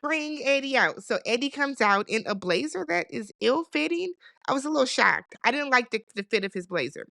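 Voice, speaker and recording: A woman hosting a casual recap channel, chatty and sassy, quick to laugh. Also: on the high side, very animated, creaky, fairly bright tone, no room sound, studio quality. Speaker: host.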